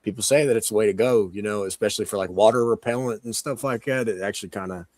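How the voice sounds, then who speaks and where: Hoarse, low-voiced man chatting. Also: fast, a little mellow, no room sound. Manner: rambling, chatty, many "like" fillers and laughs. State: hoarse, sick with sore throat. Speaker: podcast co-host. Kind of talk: casual chat on a live stream.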